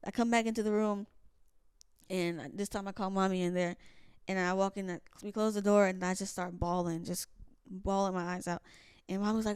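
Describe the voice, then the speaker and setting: A young woman co-hosting a faith podcast, telling stories in a casual, animated way and acting out what people said. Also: medium pitch, brisk, clear, resonant tone, dry recording, clean studio sound. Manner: animated storyteller, acts out quotes, many restarts. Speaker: podcast co-host. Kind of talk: casual storytelling chat.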